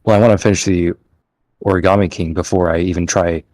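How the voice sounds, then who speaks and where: A man's voice: sits low, steady tone, quick pace, darkish tone, no echo. A man co-hosting a casual gameplay chat, hesitant and full of fillers. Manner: hesitant, filler-heavy, mumbling. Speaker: co-host.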